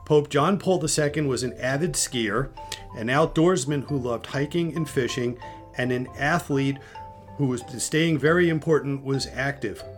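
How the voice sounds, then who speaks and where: An older man, a podcast host and grandfather, telling stories in a casual, animated way and often restarting his sentences. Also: medium pitch, normal speed, soft background music. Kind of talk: casual storytelling chat.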